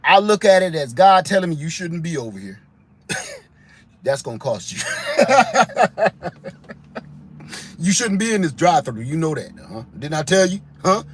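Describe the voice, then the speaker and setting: Animated male vlogger from Ohio, slangy comic rants, pitched high. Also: unhurried, long pauses, a little hiss or hum. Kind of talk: comedic monologue.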